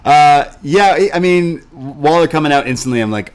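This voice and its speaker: A man's voice: a little high, animated, moderate pace. A man co-hosting a casual podcast who laughs easily and throws in jokey asides. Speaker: co-host.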